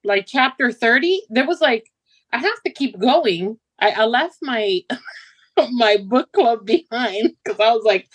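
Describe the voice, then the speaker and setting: A woman in casual book chat, lively and laughing as she acts out her reactions. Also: on the high side, slow pace. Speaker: book club member.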